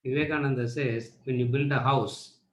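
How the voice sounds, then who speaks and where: A man's voice: mid-range voice, steady tone, normal speed. A man teaching a class, repeating rhetorical questions and then answering them himself. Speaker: spiritual teacher. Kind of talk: lecture to students. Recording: echoey room.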